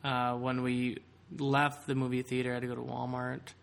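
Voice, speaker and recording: A man hosting a casual chat podcast, with a voice of middling pitch. He rambles through a story, full of "like" and "you know". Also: completely flat delivery, moderate pace, creaky. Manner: rambling storyteller, lots of fillers. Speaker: podcast host.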